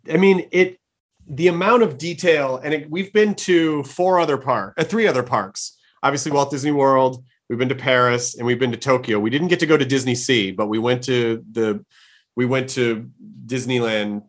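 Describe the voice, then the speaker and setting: A man's voice: medium pitch, normal speed. A man hosting a casual interview, talking with enthusiasm in rambling sentences that often restart mid-thought. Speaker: podcast host.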